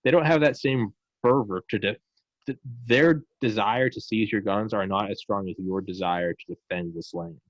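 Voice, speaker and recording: A man in casual podcast chat, ranting in a profane, animated way and slipping into mocking voices. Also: on the low side, moderate pace, no echo, muffled recording.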